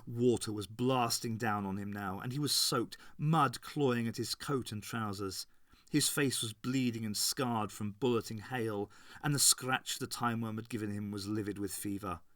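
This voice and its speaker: A man reading a novel aloud as an unabridged audiobook, in a measured narrating voice. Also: on the low side, fairly bright tone, no echo, studio quality. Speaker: audiobook reader. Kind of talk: scripted narration.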